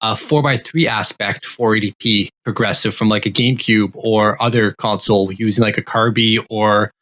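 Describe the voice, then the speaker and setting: A man co-hosting a casual tech podcast, explaining technical details at length in an even, matter-of-fact way. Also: on the low side, moderate pace.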